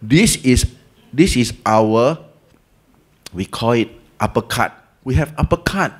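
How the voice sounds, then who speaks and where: Speaking slowly in a medium-pitched, slightly rough voice, a Singaporean English-accented Buddhist teacher delivers a Dhamma talk. He brings the story to life by playing its characters and peppers his colloquial speech with local Malay and Hokkien words.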